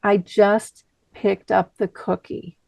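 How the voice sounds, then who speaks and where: A woman's voice: medium pitch, level tone, slow, gravelly, a little mellow, no echo. A woman voicing her teenage daughter, who sounds tearful and defensive. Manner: tearful, protesting. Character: upset teenage granddaughter, defensive.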